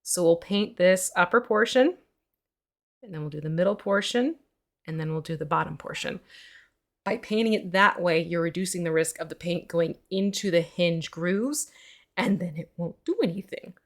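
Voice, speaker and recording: Brief: woman, lowish voice, friendly paint tutor, giggly, explains in steps. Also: normal speed. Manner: chatty, giggly, explains step by step. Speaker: mini painting instructor. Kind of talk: casual instructional chat.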